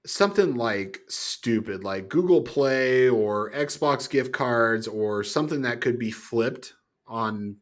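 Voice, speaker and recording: Male podcast guest, middle-aged, casual and animated, with plenty of laughs. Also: mid-range voice. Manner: animated, laughs often, acts out the quoted people. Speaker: former grocery store manager. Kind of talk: casual storytelling.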